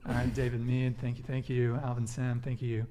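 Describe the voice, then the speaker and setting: A man's voice: medium pitch, monotone, brisk, dark tone. A man hosting a live dating talk stream, reading viewer messages and thanking them in a laid-back way. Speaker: host. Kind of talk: casual livestream chat reading super chats.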